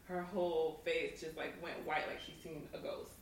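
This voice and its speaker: A young woman co-hosting a podcast, telling a work story in a relaxed way with many "um"s and "like"s. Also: lowish voice, normal speed, a crowd in the background. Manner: relaxed, with fillers like "um" and "like". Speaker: podcast co-host. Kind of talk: casual storytelling. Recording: echoey room, mic at a distance.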